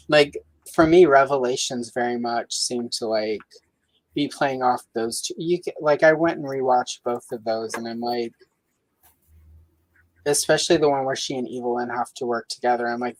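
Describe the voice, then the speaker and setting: A woman hosting a coloring livestream in casual chat, talking with many fillers and lively swings in pitch. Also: no echo, low-quality recording. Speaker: livestream host.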